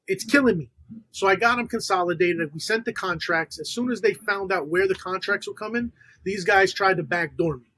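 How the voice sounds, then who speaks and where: A man's voice: sits high, a little fast, no room sound, poor audio. A man tells business stories on a podcast, slipping into the voices of the people he quotes. The sound is close and dry, with little room. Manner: animated storyteller quoting others in dialogue. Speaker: podcast guest, funder. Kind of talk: casual storytelling interview.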